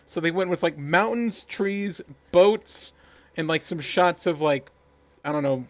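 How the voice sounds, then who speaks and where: A man's voice: on the high side, a little slow, a bit bright, no room sound. Laughing, swearing man with a dry close mic. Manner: rambling and profane, laughs often, heavy use of "like". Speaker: podcast co-host reviewing wrestling. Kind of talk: casual chat.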